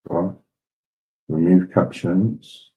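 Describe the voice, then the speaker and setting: A man's voice: low-pitched, level tone, drawn-out words, phone-quality sound. A man chatting casually as host while reacting to videos, laughing and swearing along. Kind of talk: casual commentary.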